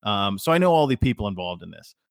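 This middle-aged podcast co-host has a low-side, clear and resonant voice with vocal fry, and he talks fast and very animatedly. A rambling storyteller in casual chat, he often restarts his sentences, captured in clean studio sound with no room sound.

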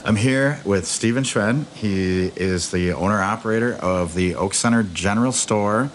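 Low-voiced male interviewer, chatty. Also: moderate pace, few pauses, slight background noise. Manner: chatty, frequent agreeing backchannels. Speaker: interviewer and writer. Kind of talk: conversational interview. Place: back room of a country store by a wood stove.

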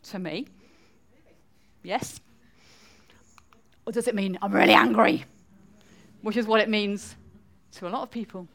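A woman's voice: mid-range voice, unhurried, long pauses. Chatty Mancunian woman preaching. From northwest England. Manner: chatty, quizzes the congregation. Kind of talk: interactive church talk. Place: church.

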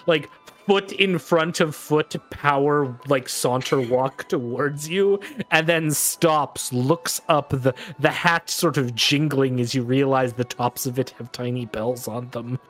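A man's voice: mid-range voice, measured pace, hardly any pauses, fairly bright tone. A man running a tabletop roleplaying game who narrates scenes in a loose, rambling way. He piles on fillers and rephrasings as he describes what the players see. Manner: casual, rambling, with many fillers. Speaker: game master.

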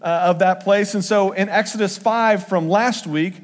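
A man's voice: high voice, fairly even intonation, normal speed. A man preaching a casual sermon, talking conversationally and acting out the quotes in changing voices. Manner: conversational, acts out quotes with shifting voice. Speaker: pastor. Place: church sanctuary. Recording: long hall reverb.

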